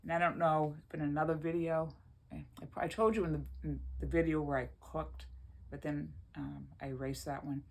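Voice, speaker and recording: A woman's voice: low voice, fairly even intonation, moderate pace, gravelly, a little mellow. A woman vlogging from her home in a rambling, chatty way, often laughing as she talks. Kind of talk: casual chat to camera.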